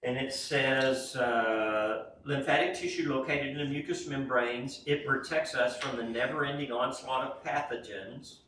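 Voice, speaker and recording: A man's voice: mid-range voice, fairly even intonation, a little slow, hardly any pauses, a bit bright, slight background noise. Folksy man lecturing in an echoey classroom. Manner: folksy, keeps checking in with "right?" and "okay?". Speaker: anatomy instructor. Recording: echoey room, voice from far off.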